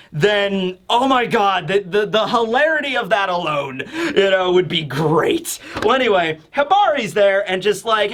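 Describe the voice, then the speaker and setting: Excitable male manga reviewer, rambling casual commentary, high voice. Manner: excitable, rambling, lots of fillers.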